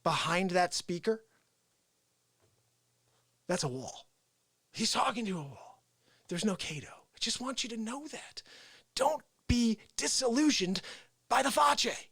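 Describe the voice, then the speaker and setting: A man hosting a live show, telling an animated story and acting out quotes, dropping into whispers and then shouting. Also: high-pitched, unhurried, vocal fry, long pauses, husky, no room sound, clean studio sound. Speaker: host of a daily live variety show. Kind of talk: unscripted live-stream monologue. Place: small room with speaker and organ.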